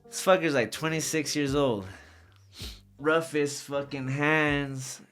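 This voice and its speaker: A man's voice: a little high, slow pace, soft background music. A man guest on a podcast telling casual, slangy, profane stories about his travels. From Socorro area. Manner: profane, slangy, animated anecdotes. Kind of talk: casual storytelling.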